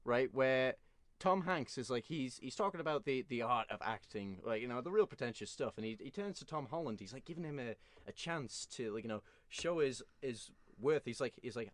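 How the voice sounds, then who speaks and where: A man co-hosting a podcast in casual chat, ranting with animated energy and swearing freely. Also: mid-range voice, brisk, no echo. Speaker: podcast co-host.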